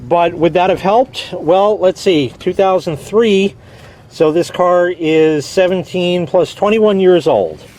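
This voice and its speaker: A man's voice: high voice, takes it slowly, darkish tone. A man casually vlogging outdoors beside his car, rambling wryly about a broken belt and swearing lightly. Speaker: car owner vlogging a repair. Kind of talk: casual vlog.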